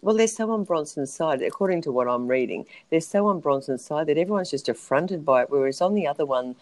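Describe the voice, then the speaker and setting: A low-pitched woman chatting loosely with a friend. She rambles, circles back and speaks her mind with casual swearing. Her tone is relaxed and unscripted. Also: brisk, no echo, poor audio. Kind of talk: casual reality-TV gossip chat.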